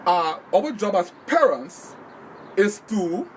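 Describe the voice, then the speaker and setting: A man's voice: high voice, sing-song, takes it slowly, slight background noise, poor audio. A man giving earnest, repetitive motivational talk on a live stream, in the manner of a parenting advice host.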